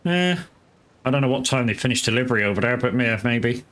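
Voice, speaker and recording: Man, game streamer, casual live commentary, rambling, swears freely, mid-pitched voice. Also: lively intonation, fast talker, fairly bright tone. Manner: rambling, swears casually, greets chat viewers by name.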